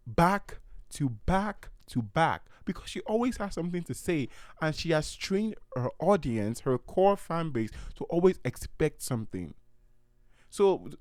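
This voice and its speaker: A man hosting a solo podcast, talking through pop culture in an animated way and acting out quotes in playful voices. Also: medium pitch, no room sound, clean studio sound. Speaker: podcast host.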